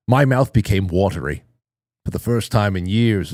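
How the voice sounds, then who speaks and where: A man's voice: lowish voice, normal speed, darkish tone, no room sound, clean studio sound. A man in his forties hosting a live call-in show, rambling casually and cracking crude, self-mocking jokes as he reads the chat. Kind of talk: casual live-stream monologue.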